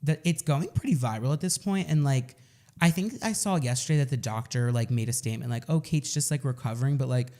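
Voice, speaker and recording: A man's voice: mid-range voice, a little fast, dark tone. A young man from the Philadelphia area co-hosting a podcast, chatting casually and animatedly with plenty of fillers. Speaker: podcast co-host. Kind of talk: casual chat.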